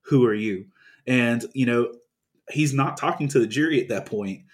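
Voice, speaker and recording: A man's voice: medium pitch, normal speed. A man co-hosting a podcast in casual chat, talking animatedly and reading lines aloud with feeling. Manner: animated, reads comic quotes aloud with feeling. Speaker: podcast co-host.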